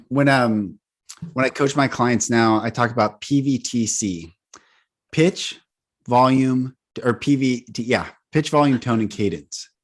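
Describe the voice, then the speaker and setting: A man's voice: medium pitch, measured pace. A man hosting and coaching, talking emphatically and repeating key words as he lists them. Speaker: host, voice coach. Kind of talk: coaching conversation.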